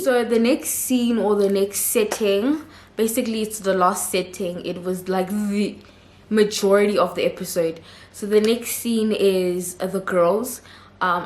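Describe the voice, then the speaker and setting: A woman recaps a reality show episode in a loose, chatty way, quick to laugh at what she saw. Her voice sits at an ordinary middle pitch. The room around her gives off a noticeable echo. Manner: chatty and expressive, laughs readily. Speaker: reality TV reviewer.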